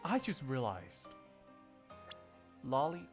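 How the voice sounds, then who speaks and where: A young man chatting on a live stream, animated and swearing. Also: a little high, a little slow, pauses often, muffled recording, soft background music.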